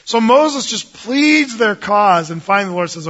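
A man with a high, bright voice walks through a Bible passage in a relaxed teaching tone. He jokes and leaps into the voices of the people in the story. The recording sounds muffled and lo-fi. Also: moderate pace, few pauses. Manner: animated, jokey, acts out voices of biblical figures.

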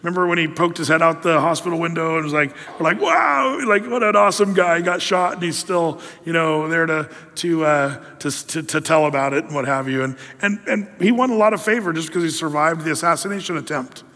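A man's voice: fairly high pitch, a little fast, hardly any pauses, pushed and bright. Man preaching in a reverberant hall. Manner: rambling, many fillers and restarts. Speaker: pastor. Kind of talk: sermon.

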